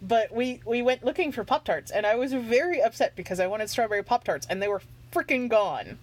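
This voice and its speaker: A woman's voice: fairly high pitch, animated, fairly quick, low-quality recording. A woman telling long, rambling stories during a casual let's play chat, laughing often along the way. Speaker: co-host guest. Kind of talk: casual chat while playing a mobile game.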